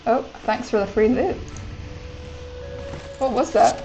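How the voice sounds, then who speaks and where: Excitable young woman gaming streamer, chatty and giggly, game music faint behind. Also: fairly high pitch, slow pace, rough recording. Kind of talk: casual gameplay commentary.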